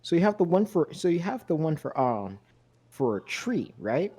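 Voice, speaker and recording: A man's voice: fairly high pitch, very animated, normal speed, mellow, husky. A young man on a casual podcast, explaining hesitantly with many ums. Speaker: podcast guest. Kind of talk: casual chat.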